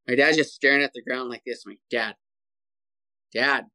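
Brief: man, podcast guest on a video call, casual animated storyteller, mid pitch, keeps saying "dude". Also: very fast, smooth. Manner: animated, energetic storyteller, says "dude" often.

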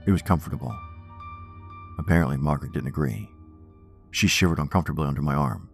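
A man narrating a first-person horror story in a measured, wry, reflective way. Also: rumbling low, creaky. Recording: faint music bed under narration.

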